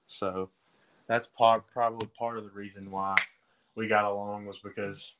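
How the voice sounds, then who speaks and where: A teenage baseball recruit with an Alabama accent, answering interview questions in a halting way with lots of ums. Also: male voice, on the low side, little pitch movement, noisy background. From Southern US. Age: teens. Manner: halting, with many ums and restarts.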